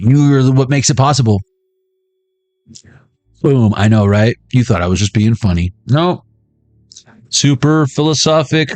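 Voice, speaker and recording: A man giving a tarot reading as a comedic monologue, riffing with jokes and jumping into squeaky high voices. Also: a little mellow, no echo. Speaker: tarot reader.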